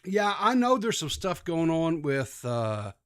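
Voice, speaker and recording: Guy co-hosting a chill podcast, kinda higher voice, lots of uhs, dry close sound. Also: very animated, smooth, no room sound. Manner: halting, many filler uhs. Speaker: podcast co-host. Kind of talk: casual podcast chat.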